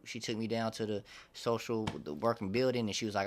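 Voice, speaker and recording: A man's voice: fairly low pitch, level tone, a little fast, fairly bright tone. A young man telling his life story in a casual interview, in loose street slang with lots of restarts and fillers. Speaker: interview guest.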